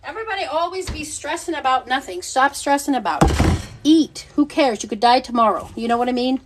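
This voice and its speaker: A middle-aged woman with a high, bright-sounding voice hosts a casual livestream. She talks bluntly and with lots of energy, swearing freely and laughing often as she chats with her viewers. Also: fairly quick, a little hiss or hum. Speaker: livestream seller and host.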